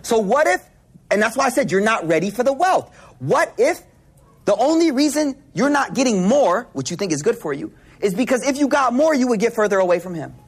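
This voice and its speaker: A man from Buffalo giving a casual Islamic lesson, an animated storyteller mixing slang and Arabic terms. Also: extremely high pitch, brisk, slightly rough. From Buffalo, New York, US. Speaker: Islamic teacher.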